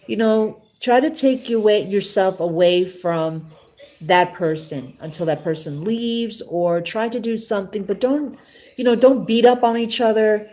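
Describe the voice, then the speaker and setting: A woman's voice: mid-range voice, measured pace, warm tone. A middle-aged woman vlogging about her life, heartfelt and rambling, full of fillers like "you know", at times close to tears. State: tearful at times. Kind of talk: emotional personal vlog talk.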